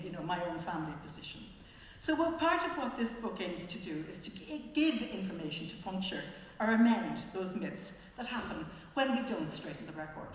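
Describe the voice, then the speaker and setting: A woman with a Wexford Irish accent speaks at a fairly low pitch, chatty and wry, pausing often on little hesitations. Her voice rings through a very echoey hall with a long tail. A faint hiss sits underneath. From Wexford, Ireland. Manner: conversational and wry, with frequent hesitations. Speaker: panel speaker presenting a book. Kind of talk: public talk. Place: library event hall.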